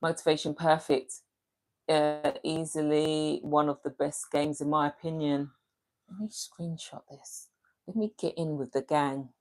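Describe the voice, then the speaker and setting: Woman on a livestream, lowish voice, casual and chatty, greets everyone by name, laughs a lot. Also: fairly even intonation, unhurried, a little mellow. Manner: chatty, talks straight to viewers by name, laughs easily. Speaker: livestream host. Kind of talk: casual live chat reading comments.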